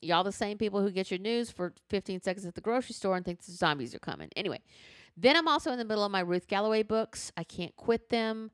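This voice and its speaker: A woman's voice: medium pitch, fast talker, no echo, clean studio sound. A woman co-hosting a podcast in casual chat, talking frankly and animatedly about what she is watching. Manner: animated, frank, uses y'all and slang. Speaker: podcast co-host. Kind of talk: casual chat, recommending shows.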